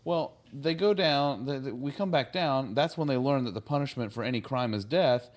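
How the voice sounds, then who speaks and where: A man's voice: medium pitch, normal speed. Rambling, chuckly man recapping a show. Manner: rambling, chuckling, heavy use of "like" and "you know". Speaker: podcast co-host. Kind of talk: casual episode recap chat.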